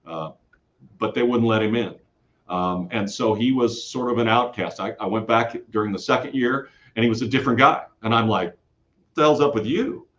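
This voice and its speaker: A lower-voiced man spins his stories in a rambling, lively way, doubling back on his words as he goes. The audio is dull and lo-fi, with the top end rolled off. He sounds like a guest on a casual interview show. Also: normal speed. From Kansas City area. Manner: rambling, animated storytelling with restarts. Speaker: guest storyteller and podcaster.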